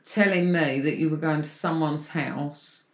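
A woman's voice: sits low, unhurried. Middle-aged woman in an echoey room. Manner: conversational, interjecting, reminiscing. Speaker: podcast co-host. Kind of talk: casual chat.

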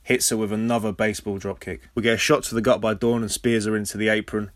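An English man hosting a casual podcast recap, sarcastic and swearing freely, with sudden loud high outbursts. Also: little pitch movement, fast, dry recording, clean studio sound. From England. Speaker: podcast host.

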